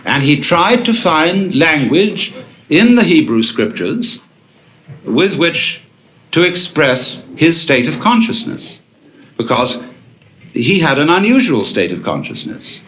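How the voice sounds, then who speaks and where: Wry man lecturing with lively intonation. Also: a little high, takes it slowly, a little hiss or hum. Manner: wry, anecdotal storytelling with lively, chuckling asides. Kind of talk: recorded public lecture to an audience.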